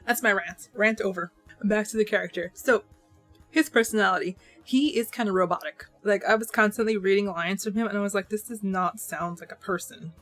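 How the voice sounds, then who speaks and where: Young woman book vlogger, mid-pitch, chatty rant, faint music bed. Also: a little fast. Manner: animated, ranting, lots of "like" fillers. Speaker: book reviewer. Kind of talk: casual book wrap-up rant to camera.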